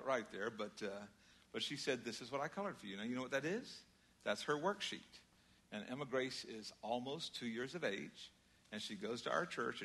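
Older man preaching, bright voice. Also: mid-range voice. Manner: conversational, storytelling, swings from loud emphasis to quiet. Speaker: pastor. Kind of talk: sermon.

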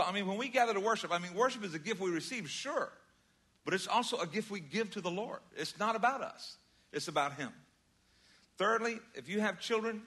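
An older man preaching a sermon, conversational and storytelling, moving between loud emphasis and quiet asides. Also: fairly high pitch. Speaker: pastor.

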